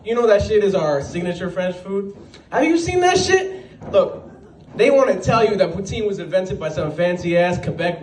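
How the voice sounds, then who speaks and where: A man performing a stand-up comedy set at an open mic, telling stories with quick asides. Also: high voice. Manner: animated storytelling with quick asides and put-on voices. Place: small venue at an open mic night. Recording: roomy sound, voice from a distance, faint background.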